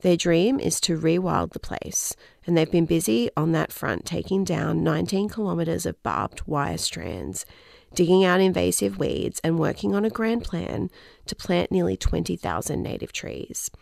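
Woman, radio co-host, very gravelly fry, dry close studio mic, chatty column reading. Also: lowish voice, animated, moderate pace, darkish tone, no echo. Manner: chatty reading with small slips and self-corrections. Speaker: radio co-presenter. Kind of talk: reading a newspaper column on air.

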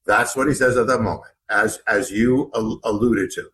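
A male author, interviewed as a guest, vividly narrates an ordeal, acting out what other people said and often backing up to repeat himself. His pitch is fairly low and his tone a bit bright, at a normal pace. Audio quality is poor.

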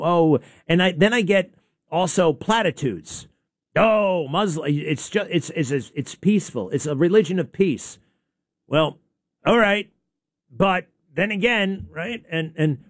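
In clean studio quality with no echo, a man with a slightly high voice hosts a talk show, playing clips as he rambles through a sarcastic opinion piece packed with restarts and asides.

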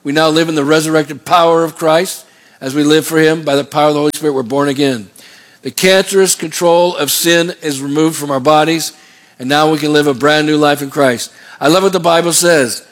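A pastor preaching, his voice sitting a little higher than most men's. He steps through numbered points and puts questions to the congregation for them to answer back. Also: steady tone, brisk. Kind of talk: sermon.

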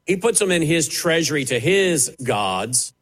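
A man's voice: a little high, big pitch swings, unhurried. A man preaching a sermon as a television preacher, emphatic and dramatic, swinging sharply up and down as he drives his points.

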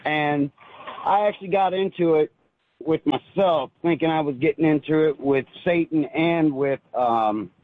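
A man's voice: on the high side, slight background noise. Earnest man calling in over a phone. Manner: earnest, halting, many restarts. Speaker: caller. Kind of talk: phoned-in personal testimony. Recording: tinny phone line.

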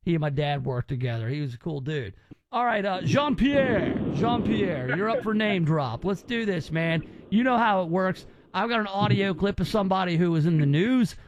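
High-voiced joking male radio host. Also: animated, moderate pace, highs cut off, background noise. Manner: joking, teasing, rambling. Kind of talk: casual radio banter.

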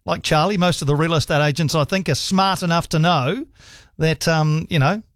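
Enthusiastic Kiwi talkback host. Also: male voice, normal speed, no echo, clean studio sound. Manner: enthusiastic, warmly encouraging callers, rising pitch when excited. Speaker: radio sports talkback host. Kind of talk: sports talkback radio. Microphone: studio mic.

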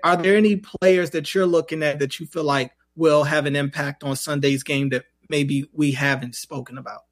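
A man's voice: a little high, steady tone, moderate pace. A man hosting a sports talk show, asking long winding questions with restarts. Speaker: host.

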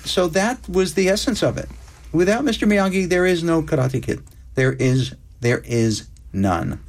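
An older man speaks as a guest in a relaxed interview. His storytelling is wry, and he draws out his words at a measured pace. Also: fairly high pitch. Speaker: screenwriter guest. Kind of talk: interview chat.

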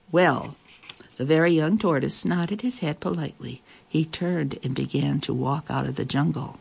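A storyteller reading an animal fable aloud in a measured, expressive way. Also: mid-range voice, gravelly, slightly rough.

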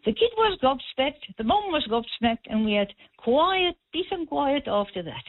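A woman's voice: high voice, very animated, measured pace, no room sound. Woman caller on a tinny phone line. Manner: firm, storytelling, some hesitations. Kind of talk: phone-in storytelling. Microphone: telephone.

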